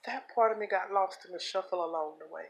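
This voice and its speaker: A woman speaking in a personal confessional vlog, earnest and heartfelt, holding back tears, with halting repeats. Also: lowish voice, low-quality recording. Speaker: vlogger.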